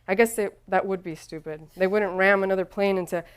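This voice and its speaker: A woman reads a first-person story in a wry, self-deprecating tone. Her voice is smooth and clear at an ordinary pitch, with steady, measured delivery. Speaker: narrator. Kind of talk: first-person audiobook narration.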